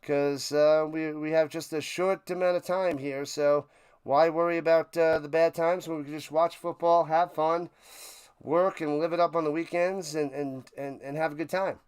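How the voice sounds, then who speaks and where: A man's voice: fairly high pitch, steady tone, moderate pace, darkish tone, clear, resonant tone. New York-accented male streamer, loose play-by-play, clean resonant tone. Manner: rambling, playful, jumps between game calls and snack talk. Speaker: watch party streamer. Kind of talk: casual live play-by-play chat.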